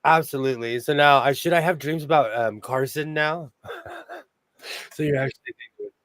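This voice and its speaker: A man's voice: fairly high pitch, moderate pace, a bit bright, no room sound. A man with a Minnesotan-sounding accent hosting a sewing channel livestream from his home sewing room, a chatty storyteller who laughs often. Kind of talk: casual livestream chat.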